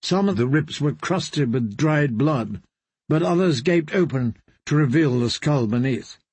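A man reading a fantasy novel aloud with measured, grave narration. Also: on the high side, animated, a little mellow, breathy edge, no room sound. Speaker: audiobook reader.

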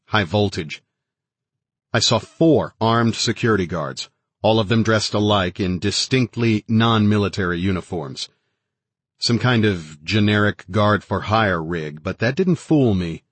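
A man's voice: on the low side, husky, no echo. A man reading a first-person story aloud in a wry, hard-boiled way. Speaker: audiobook narrator. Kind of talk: scripted first-person narration.

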